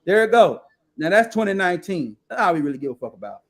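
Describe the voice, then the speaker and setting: High-voiced, blunt, profane man. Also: very animated, fast, a bit bright. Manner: reads sums and definitions aloud from screen. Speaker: host. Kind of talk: casual live commentary while browsing.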